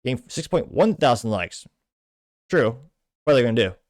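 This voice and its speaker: A man hosting his own show, reading social media posts aloud and commenting on them in a rapid, emphatic, scornful way. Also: medium pitch, big pitch swings, dry recording. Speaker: show host.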